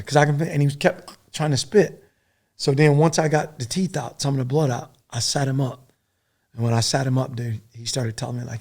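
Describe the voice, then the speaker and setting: Middle-aged male guest: rapid, gravelly, profane storyteller, animated and rambling. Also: medium pitch. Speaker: podcast guest, former soldier. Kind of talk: casual war storytelling.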